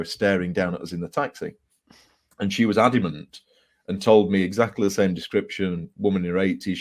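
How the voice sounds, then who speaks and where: Deep-voiced man telling ghost stories. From England. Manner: animated storyteller with fillers and laughs. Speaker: author guest. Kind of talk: casual storytelling interview.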